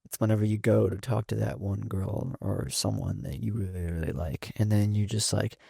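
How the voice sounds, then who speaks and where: A young man talks casually with his father on a podcast, loose and joking and trailing off in fillers. His voice is low, gravelly and mellow. The recording is close and dry. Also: steady tone, normal speed, no room sound. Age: young adult. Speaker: podcast guest, son.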